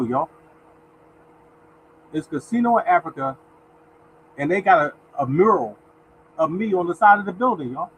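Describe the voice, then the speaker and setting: He's a lottery show host whose voice leans high, chatting casually on a live stream, calling out viewers by name and reading winning numbers aloud. He mutters to himself in a soft voice as he searches. It's a low-quality recording with a faint hiss or hum.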